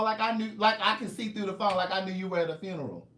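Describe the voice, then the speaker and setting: A man's voice: sits high, fast talker, roomy sound, a little hiss or hum. A man author chatting casually on a live stream, telling stories and teasing his viewers. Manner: animated storytelling, joking, teasing viewers.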